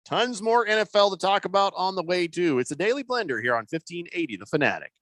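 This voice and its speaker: A man hosting a casual sports talk radio show, talking in a halting way with lots of fillers and restarts. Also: high voice, animated, background noise.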